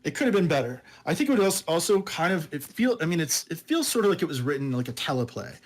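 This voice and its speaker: A man with a somewhat high voice talks loosely in a casual podcast chat. He rambles, laughs often and drops "dude" into his talk as he reviews a book with a friend. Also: big pitch swings, fast. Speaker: podcast co-host.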